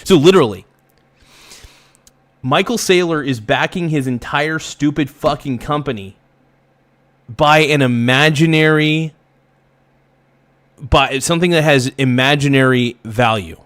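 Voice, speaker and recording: A man's voice: on the high side, measured pace, pauses often, fairly bright tone, no echo. Heated ranting man, dry close sound. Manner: heated, profane, ranting with repeated phrases. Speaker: host reacting to videos. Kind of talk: angry reaction commentary.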